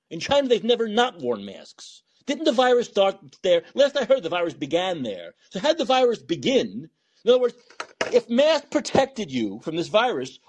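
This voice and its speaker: A man hosting a podcast, talking alone in sarcastic, animated political commentary, swearing and thinking out loud. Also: high-pitched. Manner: animated and sarcastic, mocking voices of opponents. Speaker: podcast host.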